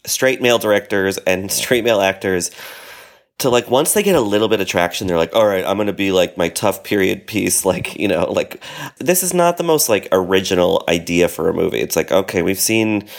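A man with a very deep voice and a gravelly, fry-laden edge, trading casual film talk as a podcast co-host. He talks loosely, hedging and circling back with frequent restarts, and his voice sits low throughout. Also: a little fast.

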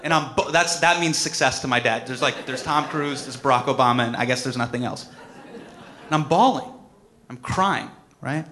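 Bright-voiced man telling an animated story. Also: mid-range voice, normal speed. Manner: animated storytelling, acts out quotes. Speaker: comedian. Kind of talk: personal tribute speech.

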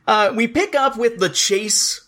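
A man's voice: sits high, unhurried, pushed and bright. A man co-hosting a casual podcast, chatting about a comic book and reading its dialogue aloud with a bit of acting. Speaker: podcast co-host.

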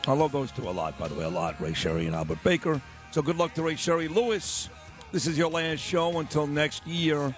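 Teasing New radio host, lively pitch. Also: male voice, a little fast, soft background music. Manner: teasing, interrupting, folksy. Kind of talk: morning radio banter. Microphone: studio microphone.

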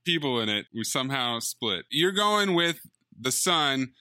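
A man co-hosting a podcast, reviewing a movie in casual chat with wry, deadpan jokes. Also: mid-range voice, a little slow, dry recording, studio quality. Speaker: podcast co-host.

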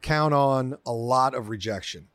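A man in his fifties, an actor and comedian, telling lively self-deprecating stories as a guest. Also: medium pitch, measured pace, no room sound. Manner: animated, self-deprecating storyteller. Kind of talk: casual storytelling in conversation.

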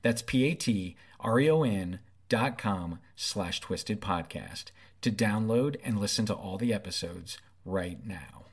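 Low husky male podcast narrator. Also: expressive. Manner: measured, announcer-like delivery. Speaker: podcast host. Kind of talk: scripted narration.

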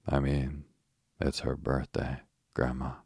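A man's voice: very deep voice, completely flat delivery, takes it slowly, creaky, darkish tone, husky, no room sound, clean studio sound, exaggerated voice. A man voicing an eager, cheerful young girl in a bedtime story, polite and keen.

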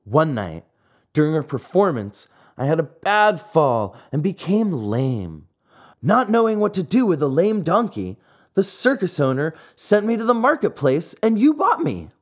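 A man voicing a lively boyish wooden puppet, telling his tale cheekily in a storybook reading. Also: a little high, measured pace, full character voice. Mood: cheeky.

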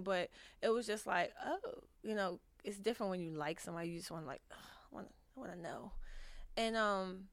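A woman's voice: mid-range voice, fairly bright tone, no room sound. Candid rambling woman vlogger, dry sound. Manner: candid, rambling, lots of fillers and restarts; frank and profane. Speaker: vlogger answering viewer questions. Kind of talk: casual advice chat.

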